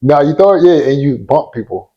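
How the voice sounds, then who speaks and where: Chill guy chiming in, lively voice w some fry, casual chat. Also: fairly high pitch, muffled recording. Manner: responsive listener, quick reactions and laughter.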